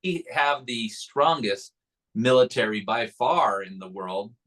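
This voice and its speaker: A man in a political interview discussion, firm and measured as he argues his point. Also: mid-range voice, fairly bright tone, rough recording.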